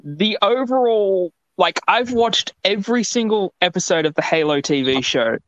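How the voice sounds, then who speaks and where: Co-hosting a podcast, a man from Australia tells animated, rambling stories in casual chat. He has a high-pitched voice and speaks at a moderate pace, captured as dull lo-fi podcast audio in a dry recording.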